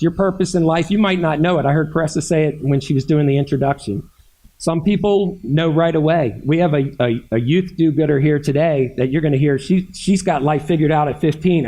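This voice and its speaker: A retired man from Frederick County giving an earnest keynote speech at an awards event, talking with frequent halting restarts. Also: on the high side, mellow, low-quality recording. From Frederick County, Maryland. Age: older. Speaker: keynote speaker.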